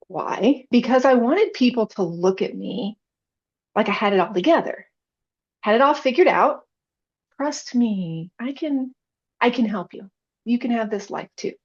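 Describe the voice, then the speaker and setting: Woman telling her faith story, earnest and emotional, kinda muffled audio. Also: medium pitch. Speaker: podcast guest, chaplain. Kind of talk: personal faith testimony.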